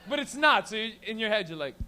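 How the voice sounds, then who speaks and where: With a faint crowd audible, a man with a high, sharp-toned voice hosts an open mic comedy night in a small lounge. He's Canadian and tells fast, rambling, profane stories from the stage on a handheld mic.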